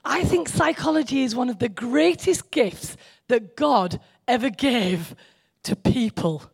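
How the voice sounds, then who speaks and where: A slightly high, somewhat mellow voice with vocal fry and a breathy edge carries this woman's expressive, unhurried sermon at a church meeting. She chats informally, jokes with the congregation, teases herself, and talks directly to them.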